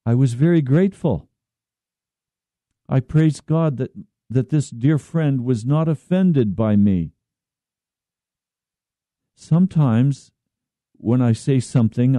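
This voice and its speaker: A man preaching a slow, earnest radio sermon as pastor, at times pleading in prayer. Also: mid-range voice, dark tone, no room sound.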